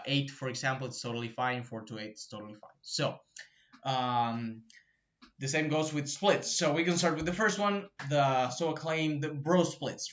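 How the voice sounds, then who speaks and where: A man's voice: mid-range voice, a bit bright, lo-fi sound. A man hosting a fitness channel, explaining training in a loose, profane way with lots of fillers and "right?" tags. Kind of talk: casual explainer talk to camera.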